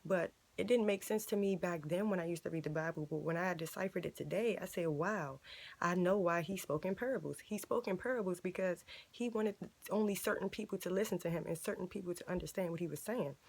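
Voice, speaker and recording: A woman's voice: on the low side, quick pace, darkish tone. A woman in her twenties hosting a ministry video, preaching casually to the camera in a conversational, emphatic way and repeating points for stress. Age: 20s.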